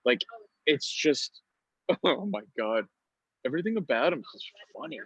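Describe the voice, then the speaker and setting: New York comedian telling prank stories. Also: male voice, fairly high pitch, sing-song, normal speed, a bit bright, slightly rough, no echo, lo-fi sound. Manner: acts out prank calls in put-on voices, laughs often. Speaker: comedian guest. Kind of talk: casual podcast interview, storytelling.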